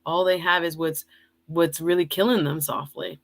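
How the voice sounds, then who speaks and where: A woman's voice: on the low side, fairly even intonation, moderate pace, gravelly. Chatty woman host reading comments. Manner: laughs often, warm and chatty. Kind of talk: casual livestream chat, reading viewer comments.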